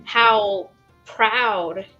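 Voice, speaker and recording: A woman's voice: mid-range voice, drawn-out words, bright, forceful tone, highs cut off, faint music behind. A woman chatting as a guest on a livestream and telling a story earnestly and emotionally. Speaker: stream guest. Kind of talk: casual stream chat.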